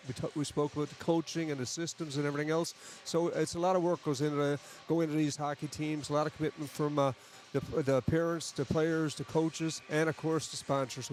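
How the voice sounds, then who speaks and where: Broadcasting from a community arena, a male commentator gives chatty, folksy play-by-play of a local hockey game, tossing in asides between plays. His pitch is fairly high, with a little hiss or hum in the audio.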